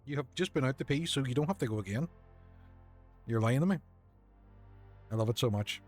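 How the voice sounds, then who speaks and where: A man's voice: medium pitch, expressive, a little fast, long pauses. A man, chatting casually while streaming a game from his desk at home, jokey and self-mocking. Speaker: streamer playing a video game. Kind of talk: casual gaming chat. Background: faint game music.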